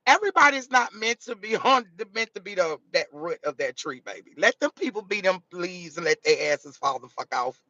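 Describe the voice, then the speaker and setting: A woman's voice: lowish voice, expressive, fairly quick, few pauses, pushed and bright, no echo. A woman content creator chatting candidly and profanely in a casual vlog from a car, laughing often. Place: in a car on the way to work. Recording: dull lo-fi sound.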